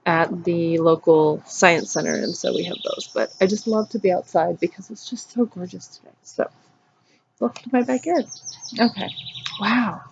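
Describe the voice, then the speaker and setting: A woman's voice: fairly low pitch, creaky, muffled recording, slight background noise. A woman hosting a casual cross-stitch vlog outdoors in her backyard, chatting loosely and wandering off topic. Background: birds singing.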